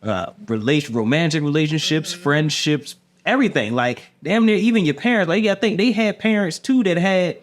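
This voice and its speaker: A man's voice: on the high side, a little fast, few pauses. A man co-hosting a casual podcast discussion, speaking reflectively with loose slang.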